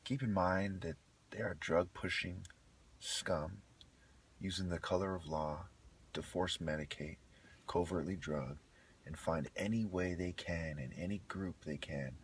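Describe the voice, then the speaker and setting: A man's voice: sits low, steady tone, a little slow, slight background noise. A man delivering a profane, scornful rant to camera and breaking into bursts of laughter. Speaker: video blogger. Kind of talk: ranting monologue to camera.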